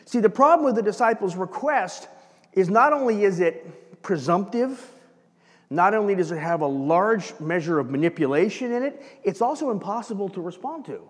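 Conversational pastor in a reverberant hall. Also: male voice, sits high, lively intonation, moderate pace. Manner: conversational, asks "right?" often. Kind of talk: sermon. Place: church sanctuary.

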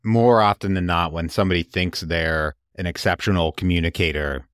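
A man hosting a podcast interview, speaking calmly and briefly between the guest's answers. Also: deep voice, fairly quick, smooth, dry recording, studio quality. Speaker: podcast host.

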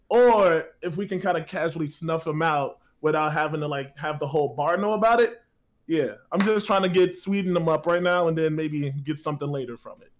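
A man as a player in a tabletop game, casually explaining his plan. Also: on the high side. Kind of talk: casual chat.

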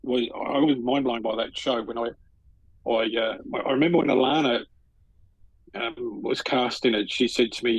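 Australian male co-host, husky, gushing and eager, dry close-mic sound. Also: medium pitch, steady tone, moderate pace, no echo, poor audio. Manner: enthusiastic, gushing with restarts. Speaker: podcast co-host. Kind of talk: casual podcast conversation.

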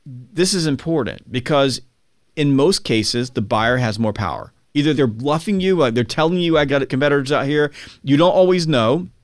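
A man's voice: medium pitch, moderate pace, no room sound, clean studio sound. Emphatic man explaining with energy. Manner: emphatic, energetic, acts out buyers and sellers in quotes. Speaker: podcast guest, sales author. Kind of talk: conversational explaining.

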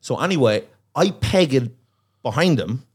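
Animated man telling a story. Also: medium pitch, normal speed, husky. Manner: animated, profane storytelling with voiced quotes. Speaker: comedian guest. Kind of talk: storytelling podcast chat.

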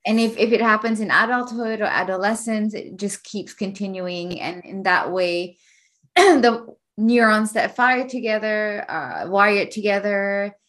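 Woman interviewer, thoughtful and halting. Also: mid-range voice, fairly bright tone. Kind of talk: interview conversation.

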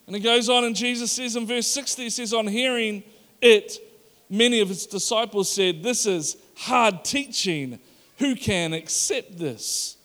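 A man preaching a sermon, animated and acting out the voices of the crowd. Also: high-pitched. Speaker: pastor. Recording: long hall reverb.

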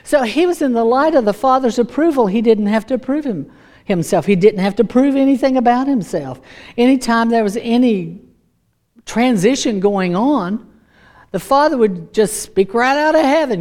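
A woman's voice: on the high side, expressive, moderate pace, a little mellow. A woman preaching a sermon, emphatic and repeating her key lines.

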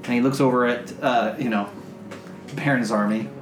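A man running a tabletop game, chatty and quick to laugh at his own asides. His voice sits at a middle pitch in a roomy space, with faint music underneath. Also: steady tone. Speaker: game master.

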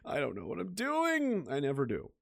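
A man hosting a casual livestream and reading out viewer chat, sarcastic and profane, laughing often and swinging between low mutters and loud outbursts. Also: wildly swooping pitch, moderate pace, gravelly, dry recording, clean studio sound.

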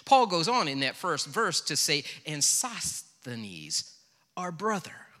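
Middle-aged male pastor, bright and forceful tone, chatty sermon storyteller, reverberant church hall. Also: a little high, big pitch swings, slow. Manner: storytelling, conversational and self-deprecating. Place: church sanctuary.

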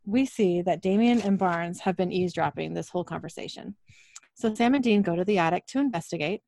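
A woman co-hosting a podcast, briskly recapping a show's scenes and reading the dialogue aloud, laughing often. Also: on the low side, creaky, warm tone. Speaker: podcast co-host recapping episodes. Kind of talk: casual recap with read-out dialogue.

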